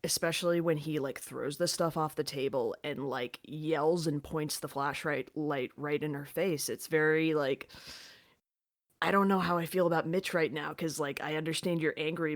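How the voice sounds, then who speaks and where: A young woman co-hosting a podcast, chatting casually and reflectively about an episode, with lots of "like" and quick quoted asides. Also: low-pitched. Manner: reflective, many likes, bursts of quoting. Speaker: podcast co-host. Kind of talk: casual recap chat.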